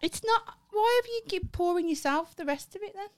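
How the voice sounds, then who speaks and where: Teasing, lively woman chatting. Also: very high voice, a little fast. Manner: swearing, teasing, laughs a lot. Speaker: podcast co-host. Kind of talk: casual chat.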